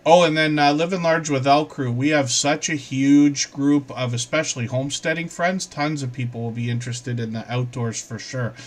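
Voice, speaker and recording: A man's voice: mid-range voice, fairly even intonation, normal speed, few pauses. Chatty man hosting a live stream. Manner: chatty, apologetic, says pardon me often. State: lingering cough. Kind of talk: casual live stream chat.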